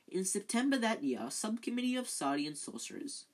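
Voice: medium pitch, sing-song, a little fast, slightly rough, pitched above the performer's own voice. A reader voicing an ancient, dull male ghost professor with a dry, wheezy voice.

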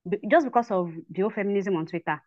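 Halting woman guest on a muffled line. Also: medium pitch, no room sound. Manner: halting starts, many fillers and restarts, lively when telling stories. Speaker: podcast guest. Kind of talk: casual conversational chat.

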